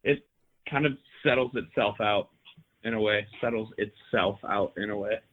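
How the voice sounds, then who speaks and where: Rambling guitarist over a tinny phone line. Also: male voice, on the low side, normal speed. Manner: rambling, repeats himself, lots of "like". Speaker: band member, guitarist. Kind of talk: casual interview chat.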